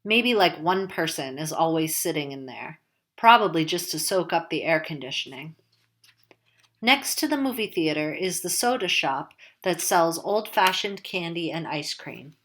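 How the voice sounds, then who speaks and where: Lower-pitched woman narrating wryly. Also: animated, normal speed, a bit bright. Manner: casual, wry, conversational storytelling. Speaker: audiobook narrator. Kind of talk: first-person novel narration.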